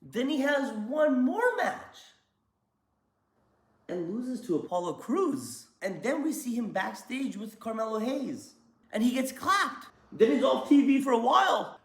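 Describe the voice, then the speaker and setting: A man's voice: extremely high pitch, animated, moderate pace, creaky, hardly any pauses. A young man giving casual, jokey wrestling commentary as a show host, talking in loose slang. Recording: roomy echo.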